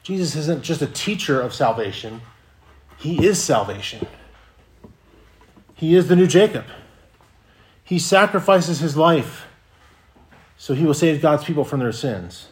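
A man's voice: a little high, animated, moderate pace. Earnest male pastor preaching a sermon. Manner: earnest, repeats words and restarts phrases.

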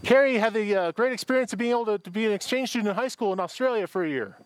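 A man's voice: sits high, rapid-fire, noisy background. A middle-aged man from Michigan, preaching a sermon as pastor in a conversational, anecdotal way, often restarting his sentences.

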